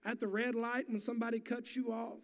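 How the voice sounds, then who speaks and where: A man's voice: extremely high pitch, flat delivery, brisk. A man preaching a sermon in a church sanctuary as pastor, in a folksy way that builds to fervent preaching.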